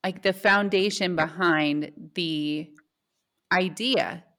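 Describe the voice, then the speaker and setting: A woman co-hosting a podcast in casual chat, reacting quickly and laughing often. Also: fairly low pitch, fairly bright tone. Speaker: podcast co-host.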